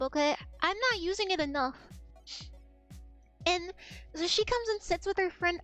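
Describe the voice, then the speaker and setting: A woman streamer telling a long, rambling anecdote in casual chat, swearing freely and acting out what others said. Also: very high voice. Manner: rambling, animated anecdote with swearing and acted-out quotes.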